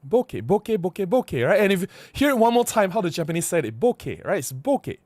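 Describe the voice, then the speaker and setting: A man's voice: sits high, fast talker, no room sound. A man vlogging casually to camera, rambling and repeating himself as he explains. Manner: rambling, repeats words, animated.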